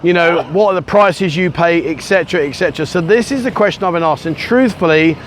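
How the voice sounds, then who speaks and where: Man, English accent, middle-aged, fairly high voice, chatty, rambling, self-mocking, handheld camera outdoors, faint street noise. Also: fairly quick. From United Kingdom. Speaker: vlogger. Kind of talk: casual walking vlog. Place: outdoors on a sunny beachfront by a busy road. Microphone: handheld camera at arm's length.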